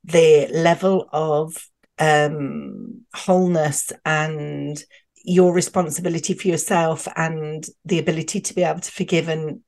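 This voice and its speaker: A woman's voice: sits low, fairly even intonation, a little slow, vocal fry, darkish tone. A woman hosting a podcast chat who asks questions and reflects thoughtfully on what is said.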